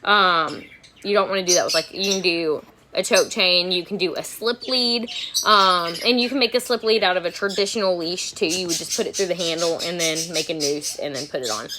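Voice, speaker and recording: A woman's voice: on the low side, brisk, noisy background. Frank woman dog trainer on a livestream. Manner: frank, repeats herself, chatty. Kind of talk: casual livestream chat. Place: home, getting ready for work. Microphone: phone or camera at arm's length.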